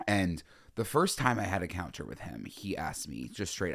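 A man co-hosting a podcast, telling stories in an animated, laughing, mock-exasperated way. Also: low voice, moderate pace, vocal fry. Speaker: podcast co-host. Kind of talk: casual chat.

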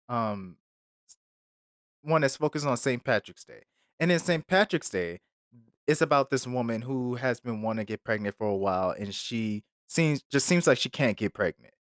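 This podcast host reviews a film in casual chat, his medium-pitched voice slightly bright and captured in a dry, clean studio. He rambles with plenty of fillers and wry asides.

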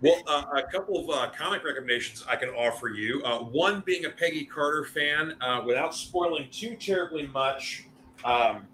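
A man co-hosting a podcast in casual chat, pausing often with "uh" as he talks. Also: a little high, bright, forceful tone, a little hiss or hum. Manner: hesitant, many uh fillers. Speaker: podcast co-host.

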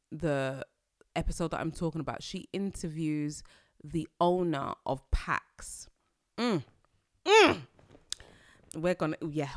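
A woman vlogger giving casual, animated commentary to her viewers, exclaiming often and laughing between points. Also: low-pitched, smooth, no echo, studio quality.

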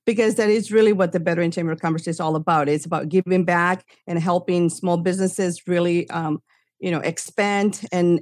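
A female radio host asks her guest encouraging, rambling questions. Her voice sits slightly low, and the recording is dry and close, without room echo. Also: a little mellow. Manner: encouraging, with many fillers and restarts in her questions. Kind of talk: radio interview.

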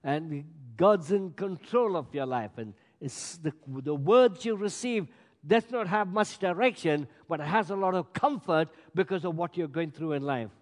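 A man preaching a sermon as pastor, emphatic, swinging between loud bursts and quiet asides. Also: a little high, animated, a little slow. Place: large church hall. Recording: long hall reverb. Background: congregation.

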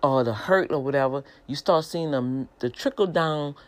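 A middle-aged woman, preaching in a casual, animated way and calling her listeners y'all. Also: low voice, moderate pace. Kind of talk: informal preaching broadcast.

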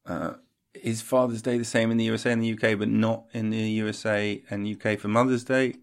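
Male podcast host, casual rambling chat, gravelly tone. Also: lowish voice, level tone, a little fast, no room sound, studio quality. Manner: laid-back, rambling, laughs often.

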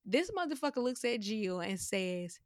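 A woman co-hosting a podcast, telling a story in casual chat, animated and profane, acting out the voices of the people she quotes. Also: mid-range voice, moderate pace, no room sound, clean studio sound. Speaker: podcast co-host.

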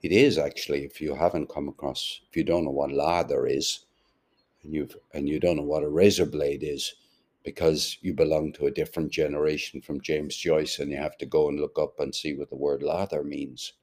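A man's voice: a bass voice, level tone, moderate pace, darkish tone. A man reading a novel aloud and stopping to explain it in chatty asides. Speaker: audiobook reader and podcaster.

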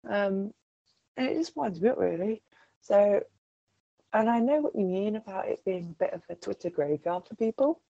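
Husky gravelly woman, rambling hesitantly; dry dull audio. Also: medium pitch, lively intonation, normal speed, mellow, no room sound. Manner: rambling, hesitant with many fillers. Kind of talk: casual chat.

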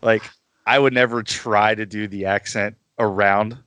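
Speaking as a guest on a casual podcast, this relaxed man has a voice that sits a little low and a steady, unhurried delivery. He's chatty and often laughs at himself, and his clear, resonant, slightly bright voice is captured dry and close without echo.

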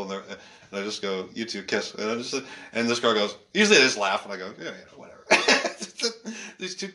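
A male stand-up comedian telling stories in casual chat, animated and laughing often, swearing freely. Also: medium pitch. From Canada.

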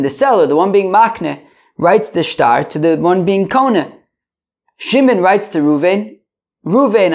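A man's voice: sits high, muffled recording. A man giving a daily Talmud lesson, explaining step by step and repeating phrases with rhetorical questions. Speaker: Talmud teacher.

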